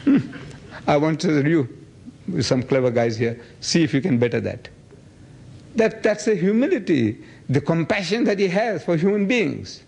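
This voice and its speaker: A man in his seventies giving a public lecture and answering audience questions, telling stories with lively energy. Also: moderate pace, a little hiss or hum. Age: 70s. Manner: animated storytelling, acts out others' voices with big pitch jumps.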